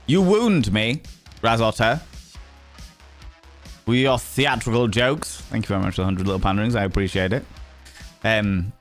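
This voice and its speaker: A man's voice: on the low side, normal speed, pauses often, soft background music. A man with a Yorkshire accent hosting a livestream, chatting casually and teasing viewers as he reads their messages. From England. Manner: playful, teasing, greets viewers as cheeky devils. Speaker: livestream host.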